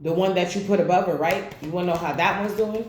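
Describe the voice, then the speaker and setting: This tarot reader talks fast in a slightly mellow, lowish voice, naming cards one after another in a casual reading. Her delivery is blunt and full of swearing, and the recording has a roomy echo over faint background noise.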